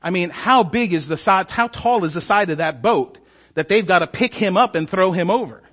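Here a man preaches his sermon in story form, at a moderate pace and with a high-pitched voice. He's animated, voices each character's lines himself, and keeps checking with the congregation by asking "right?"

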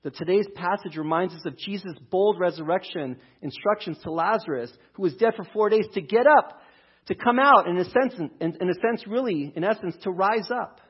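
A pastor preaching a conversational sermon, talking through a scripture passage. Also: male voice, high voice, fairly quick, few pauses, husky, dull audio. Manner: conversational, restarts, reads scripture aloud.

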